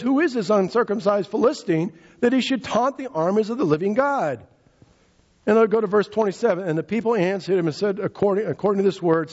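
A male preacher with a high, husky voice that rises and falls animatedly as he drives his points home. He retells scripture in everyday words and says key lines twice. The recording is dull and lo-fi. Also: darkish tone. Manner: emphatic, repeats key phrases, paraphrases scripture in casual speech. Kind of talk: sermon.

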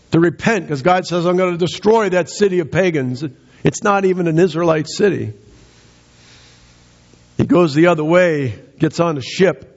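A man preaching a sermon as pastor, rising in pitch to act out quoted lines with dramatic emphasis. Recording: dull, muffled sound.

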